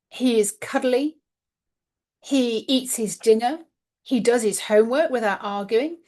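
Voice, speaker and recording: A woman's voice: on the high side, a little mellow. A woman, the host of a spiritual channel, telling a personal story in a chatty, candid way with some mild swearing.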